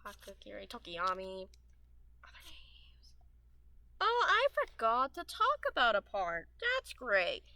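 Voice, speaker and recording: A teenage girl streams a game, rambling in a bright, clear, high voice with wildly swooping pitch, a slow pace, and frequent pauses. Her dry, sore throat and dry mouth bring audible lip smacks as she hops between thoughts, chatty and meandering with fillers and trailing restarts. The sound is close and dry, with no room sound.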